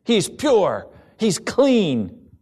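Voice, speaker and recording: A man preaching a sermon with dramatic delivery, swinging between ringing emphasis and a hushed near-whisper. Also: sits high, wildly swooping pitch, extremely slow, husky.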